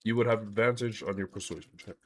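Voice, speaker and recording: A man's voice: lowish voice, fairly even intonation, quick pace. A man narrating a live tabletop game as game master, in a loose, hesitant way with many fillers. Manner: loose, hesitant narration full of likes and uhs.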